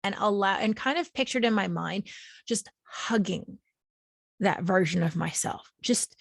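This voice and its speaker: A woman hosting a podcast, talking gently and with emotion about her own healing, sometimes slowing to soothing, drawn-out phrases. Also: medium pitch, creaky, dry recording. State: emotional, near tears. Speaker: podcast host. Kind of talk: reflective personal talk on healing.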